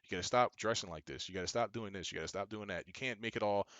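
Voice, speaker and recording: Emphatic young man, quick bright delivery, dry close sound, preachy monologue. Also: fairly low pitch, no echo. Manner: emphatic, preachy, repeats himself. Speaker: business coach. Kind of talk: casual monologue commentary.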